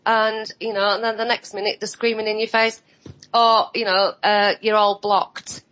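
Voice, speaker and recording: A woman's voice: a little high, flat delivery, normal speed, a bit bright, rough recording. A woman on an online roundtable, talking bluntly and sarcastically and mimicking other people's voices as she tells her side. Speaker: roundtable guest. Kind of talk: casual online roundtable chat.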